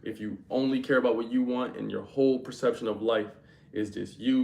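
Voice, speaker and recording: A man's voice: on the low side, steady tone, fast talker, gravelly, darkish tone, roomy sound, a little hiss or hum. A young man hosting a livestream, talking loosely and slangily straight to his viewers' chat. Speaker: livestream host.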